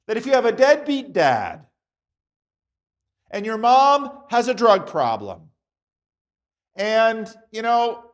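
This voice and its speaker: Animated, slow-talking male Sunday school teacher. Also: high voice. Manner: conversational, acts out voices in examples. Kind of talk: teaching a church class. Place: church classroom.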